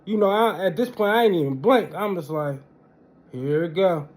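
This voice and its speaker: A young man telling a casual storytime monologue, animated and slangy, punctuating with "boom" and "bang". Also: normal speed.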